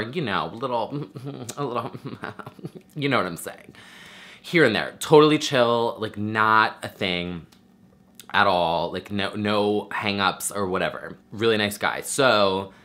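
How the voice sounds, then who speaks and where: A man in his thirties chats to camera from home, candid and campy, slipping into mock voices as he tells his story. His voice sits fairly low but sounds bright and forceful. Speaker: vlogger host. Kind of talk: casual chat to camera. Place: home room with a ring light.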